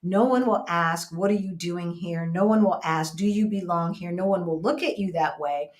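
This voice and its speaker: A middle-aged woman from the United States co-hosting a casual chat, telling stories in an animated, conversational way. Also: fairly low pitch, moderate pace. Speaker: co-host.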